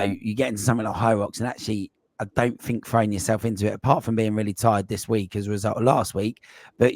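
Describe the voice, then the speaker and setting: Soft-spoken low-voiced male podcast host. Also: no room sound. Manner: gentle, hesitant, many "um"s. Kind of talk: interview chat.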